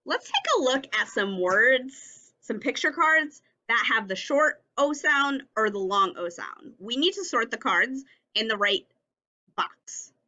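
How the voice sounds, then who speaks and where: Slow, bright-voiced phonics teacher woman. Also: fairly high pitch, expressive. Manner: slow, stretched-out sounding of letters and words. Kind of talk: phonics lesson for young children.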